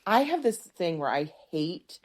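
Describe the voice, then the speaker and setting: A woman in her forties co-hosting a podcast in casual chat, emphatic and animated, often laughing. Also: on the low side, measured pace, a little hiss or hum. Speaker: podcast co-host.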